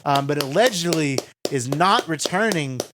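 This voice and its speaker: A man co-hosting a podcast in casual chat, eager and quick to laugh. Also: on the high side, expressive, very noisy. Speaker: podcast co-host.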